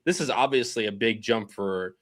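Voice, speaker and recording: A man hosting a casual racing podcast, chatty and quick to laugh as he reads out the live chat. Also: on the low side, a bit bright. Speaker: podcast host.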